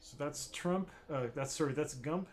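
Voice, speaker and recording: A man running a tabletop game as game master, talking in a relaxed, halting way with many restarts. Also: a little high, over music.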